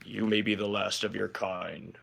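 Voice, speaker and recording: A man voicing an earnest hulking male warrior who talks in slow, solemn pledges, lower than his own voice, with a gravelly edge. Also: little pitch movement, a bit bright, full character voice. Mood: solemn vow.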